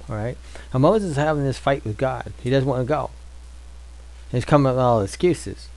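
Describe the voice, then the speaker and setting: Gravelly man leading a Bible study. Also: mid-range voice, animated, normal speed, darkish tone, low-quality recording. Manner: conversational, repetitive, rhetorical questions. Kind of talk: informal Bible teaching.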